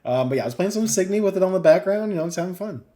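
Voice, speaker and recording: A man co-hosting a gaming podcast, talking casually, animated and swearing freely, with lots of fillers. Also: high-pitched, very fast. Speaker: podcast co-host. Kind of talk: casual chat.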